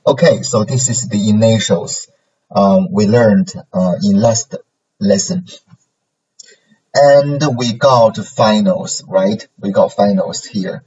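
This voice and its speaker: A man gives a language lesson in a slow, patient way, stopping often to check that students follow. His voice is a little husky. The recording is dull and lo-fi. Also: fairly low pitch, a little mellow. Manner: slow and patient, with many fillers and tag questions. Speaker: Chinese language teacher. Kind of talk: classroom lesson reviewing pinyin.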